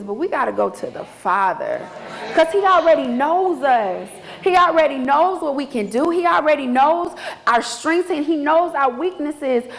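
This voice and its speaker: High gravelly woman preaching in a hall. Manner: emphatic preaching with dramatic repetition. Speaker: minister. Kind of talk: sermon. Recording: echoey hall with long reverb.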